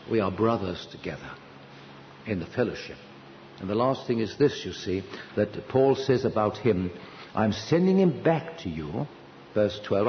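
An older man preaching a sermon at a conference, telling a personal story earnestly, with sudden lifts of pitch for emphasis. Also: a little hiss or hum. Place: conference hall. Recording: dull, slightly lo-fi hall recording with reverb.

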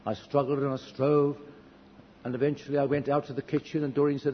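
A man preaching in a church hall, his voice carrying a long reverb through the room. He tells stories from his own life earnestly and pokes gentle fun at himself. The recording is dull and lo-fi, with a faint hiss underneath. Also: medium pitch, flat delivery, fairly quick. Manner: earnest, self-deprecating storytelling with wry humor. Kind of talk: storytelling sermon.

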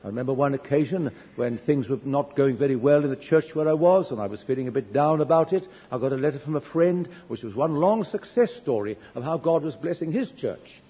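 A man's voice: medium pitch, lively intonation, brisk, few pauses, husky. A man preaching a sermon in a church, telling stories from his own life in an earnest, self-deprecating way with wry humor. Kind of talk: storytelling sermon. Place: church hall. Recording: dull echoey church recording, faint hiss.

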